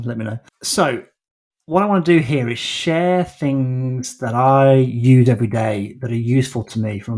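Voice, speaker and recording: Husky-voiced male podcast host, wry and casual. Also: mid-range voice, darkish tone. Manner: casual, self-deprecating, wry asides. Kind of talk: solo podcast monologue.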